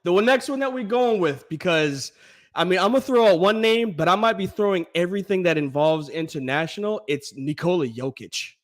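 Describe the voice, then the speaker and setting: A man co-hosting a casual sports podcast with a slightly raised voice. He talks in animated, profane bursts and laughs easily as he goes. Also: high voice, brisk. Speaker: podcast co-host.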